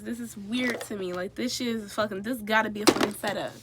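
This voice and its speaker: A young woman telling a story casually as she gets ready on camera, animated and profane, turning loud when she gets riled up. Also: on the high side, a little fast, heavy background noise. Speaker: vlogger.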